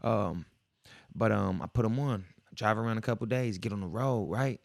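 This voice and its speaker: A young man spins a rambling road-trip story on his podcast, his voice low and gravelly. He talks in loose slang, jumping into other people's voices as he goes. The sound is dry and close, with no room around it. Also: moderate pace, dry recording. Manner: slangy, animated, acts out quoted voices. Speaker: podcast host. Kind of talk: casual storytelling.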